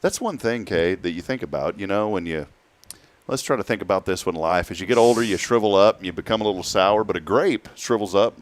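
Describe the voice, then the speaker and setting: A man's voice: on the low side, brisk. A man hosting a morning talk show, joking and rambling with a laugh. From Georgia. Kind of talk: casual chat.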